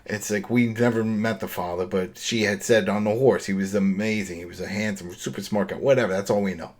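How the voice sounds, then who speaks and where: A man's voice: fairly low pitch, steady tone, a little fast. A man co-hosting a podcast, recapping a TV episode in casual chat, rambling and acting out the characters' lines. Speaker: podcast co-host.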